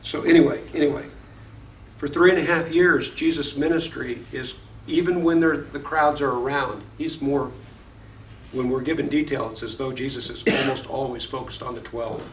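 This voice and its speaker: A man's voice: mid-range voice, steady tone, normal speed, a little hiss or hum. A man teaching a Bible study class, reading verses aloud, explaining them and putting questions to the class. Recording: echoey room, voice far from the mic.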